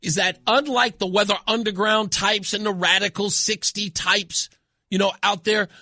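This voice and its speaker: A man's voice: sits high, steady tone, normal speed, sharp tone, no echo, clean studio sound. A man hosting a talk radio show, delivering an indignant, emphatic opinion monologue.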